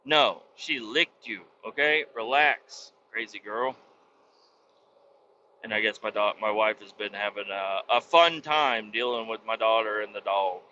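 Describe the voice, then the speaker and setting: A man's voice: on the low side, unhurried, sharp tone, lo-fi sound, slight background noise. A man telling stories in a casual, profane, rambling monologue as the host, talking from his truck. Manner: profane, blunt storytelling. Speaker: podcast host.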